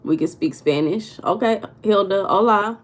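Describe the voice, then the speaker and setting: A woman's voice: medium pitch, normal speed. A young woman hosting a casual livestream, talking loosely and greeting viewers in the chat by name. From United States. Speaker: livestream host.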